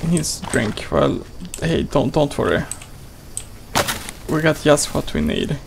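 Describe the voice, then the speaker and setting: Man, gaming host, playful let's play commentary, slightly high, gravelly, slow-paced. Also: expressive, noisy background. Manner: playful, exclaiming, talks to the game character.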